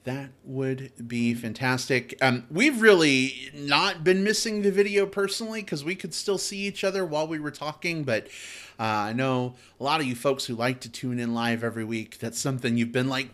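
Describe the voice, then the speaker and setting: A man hosting a film podcast, opening the show and chatting playfully with his co-hosts. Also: mid-range voice. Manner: animated, playful. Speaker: podcast host. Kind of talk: casual chat.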